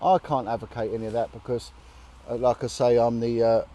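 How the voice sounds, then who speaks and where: A man's voice: medium pitch, steady tone, a little fast, warm tone, slight background noise. A man vlogging from a roadside bench on a long walk, talking earnestly and indignantly, with blunt swearing. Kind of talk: casual outdoor chat to camera. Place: outdoors, sitting on a bench by a road.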